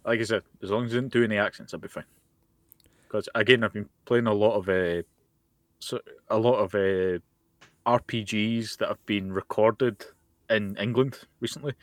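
A Scottish man co-hosts a casual podcast with blunt, wry remarks and free swearing. His voice sits on the low side. The sound is dry and close, over a voice chat call. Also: steady tone, normal speed, no room sound. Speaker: podcast co-host. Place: home, remote voice call. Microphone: computer mic over a voice chat call.

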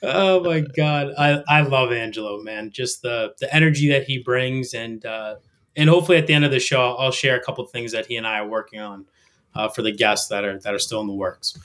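A middle-aged man in a casual podcast chat, pitched squarely in the middle for a man. He speaks with energetic, emphatic drive, in the rising cadence of a would-be motivational speaker. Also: brisk. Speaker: podcast guest.

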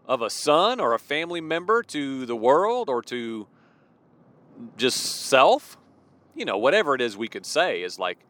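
A man preaching in an animated, emphatic way, his voice rising and falling widely as he drives each point home. He speaks with a slightly higher pitch than most men, repeats his key phrases for weight, and slips into casual fillers between them. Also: dry recording. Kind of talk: informal devotional sermon.

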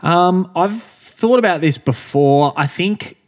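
A man's voice: sits high, lively intonation, takes it slowly. A young man from Australia co-hosting a podcast in casual chat, rambling with frequent restarts and laughs. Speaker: podcast co-host.

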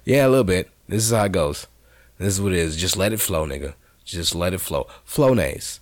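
A man with a very deep voice hosts a freeform solo podcast from his seat at home. He talks in a loose, rambling, profane way, full of restarts and side tangents. The sound is dry and close, with no room echo. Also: fast. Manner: rambling, profane and laid-back, with many restarts and asides. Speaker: podcast host.

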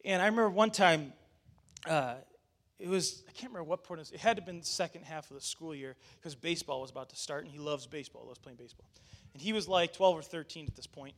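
A man's voice: fairly high pitch, fast talker, fairly bright tone. A male pastor telling a personal story in a casual sermon, chatty with fillers and restarts, acting out what people said.

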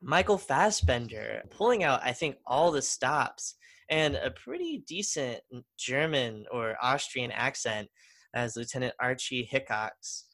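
A man's voice: medium pitch, lively intonation, unhurried, fairly bright tone. A man co-hosting a podcast in casual chat, enthusiastic and rambling with restarts. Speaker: podcast co-host.

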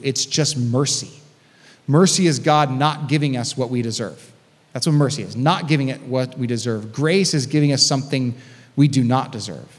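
A man preaching a sermon as a pastor, reading scripture and breaking in with casual, conversational asides. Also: medium pitch. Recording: long hall reverb.

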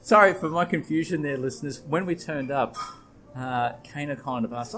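A man's voice: a little high, moderate pace, fairly bright tone, a little hiss or hum, rough recording. A man co-hosting a podcast, chatting casually and joking about drinks while recorded in a restaurant bar. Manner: jokey, rambling, swears casually. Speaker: podcast co-host. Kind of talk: casual chat.

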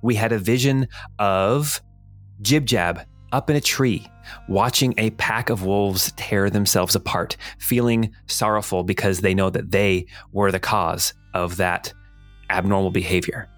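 A man running a tabletop game as game master, recapping the last session in a relaxed, loose way. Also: lowish voice, a little slow, no echo, faint music behind. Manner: relaxed, with frequent ums and laughs.

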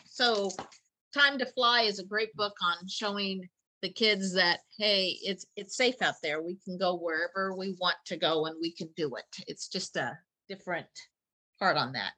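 A woman's voice: medium pitch, normal speed, pushed and bright, poor audio. A woman on a podcast recommending children's picture books and reading passages aloud like a storyteller. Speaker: teacher committee member recommending books. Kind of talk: podcast book talk with read-aloud passages.

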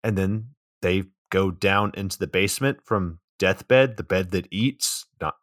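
A man's voice: deep voice, a little slow, no echo. A young man co-hosting a comedic podcast, recapping a movie plot with dry, crude humor. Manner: dry, deadpan, crude joking. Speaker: podcast co-host.

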